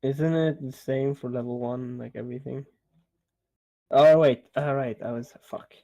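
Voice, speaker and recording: Male player, casual, mid-pitched voice, quick to curse, defends his character's choices. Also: steady tone, mellow. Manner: joking, swears, argues his character's case. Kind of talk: casual tabletop game chat.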